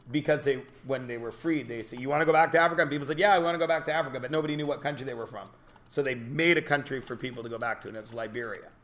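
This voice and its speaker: Bright-voiced joking male teacher. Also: medium pitch. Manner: chatty, joking, asks the class questions. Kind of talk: classroom lecture. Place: classroom.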